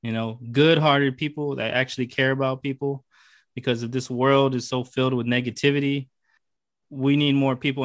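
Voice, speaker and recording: Recorded in a clean studio with no room sound, this mid-range male co-host keeps the interview chat casual. His delivery is emphatic and heartfelt, and he repeats phrases to drive points home.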